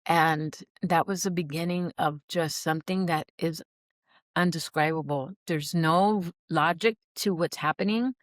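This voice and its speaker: Earnest woman telling her story, low voice. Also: measured pace, dry recording, studio quality. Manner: earnest, animated, acts out quoted dialogue. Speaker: podcast guest, recovery program alumna. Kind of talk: heartfelt personal storytelling.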